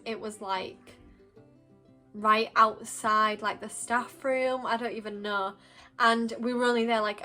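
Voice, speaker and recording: Chatty young woman, high voice. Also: bright, forceful tone. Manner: chatty, frequent "like" and quoted dialogue. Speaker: vlogger. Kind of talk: casual storytime vlog.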